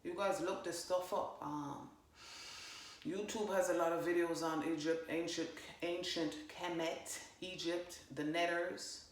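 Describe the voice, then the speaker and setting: A woman giving a casual spiritual monologue, swearing freely and talking with emphatic, animated energy. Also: lowish voice, unhurried. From parents from Jamaica. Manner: profane, animated, emphatic, fillers. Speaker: spiritual channeler vlogger. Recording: roomy echo.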